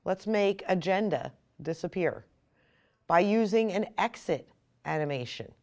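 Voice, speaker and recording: A woman explaining software step by step in a screen-recorded tutorial. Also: lowish voice, expressive, a little slow. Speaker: software instructor.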